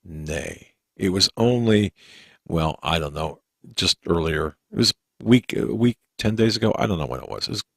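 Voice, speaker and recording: A man's voice: sits low, lively intonation, moderate pace, vocal fry, slightly rough, no echo, studio quality. A man hosting a talk radio show, folksy and rambling as he sets up a guest. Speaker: radio host.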